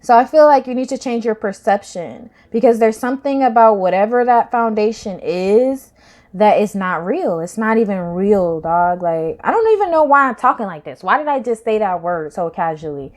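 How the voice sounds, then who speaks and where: A woman's voice: medium pitch, lively intonation, moderate pace. Slangy woman giving a tarot reading. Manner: slangy, rambling, swings loud and soft. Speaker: tarot reader. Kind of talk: casual spiritual reading to camera.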